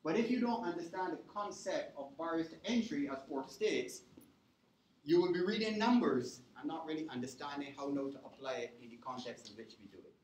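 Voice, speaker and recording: A man's voice: a little high, brisk, a little mellow, slight background noise. A male lecturer teaching a class in an interactive way, often stopping to check whether the students are following. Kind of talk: university lecture. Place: lecture hall. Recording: echoey lecture hall recording.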